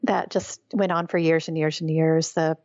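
A woman's voice: sits low, level tone, moderate pace, a little mellow, no room sound, dull audio. A middle-aged woman, a guest, telling her story in an earnest, reflective way during an interview. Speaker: guest, author. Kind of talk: interview conversation.

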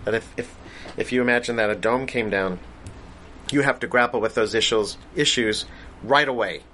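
Bright-toned man, relaxed guest. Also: mid-range voice, moderate pace, a little hiss or hum. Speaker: guest writer and producer. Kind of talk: casual interview talk.

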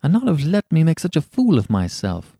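A man reading aloud who voices a sulky, embarrassed young gentleman. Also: mid-range voice, animated, moderate pace, no room sound, clean studio sound, voice pushed up, close to an everyday voice. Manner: sulky, rueful.

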